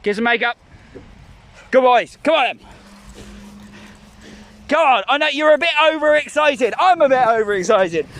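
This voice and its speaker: A man from Scotland with a Glasgow accent, a professional dog walker chatting excitedly to camera outdoors while calling commands to the dogs. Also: very high-pitched, normal speed, pauses often. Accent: Scottish, Glasgow. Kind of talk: casual vlog narration while walking dogs. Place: outdoors in parks and forest.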